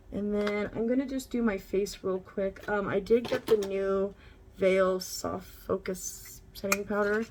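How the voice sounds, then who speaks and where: A woman's voice: medium pitch, fairly even intonation, measured pace, a little mellow, slight background noise. A woman vlogger chatting casually through a makeup tutorial, candid and rambling, swearing now and then.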